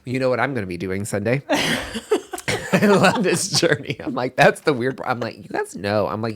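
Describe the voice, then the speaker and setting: A male host talking in a loose, casual chat, his voice sitting at a middling pitch. He gets emotional easily and breaks off his sentences. Now and then he jumps into high, excited exclamations. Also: moderate pace. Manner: emotional, trailing restarts. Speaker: podcast host.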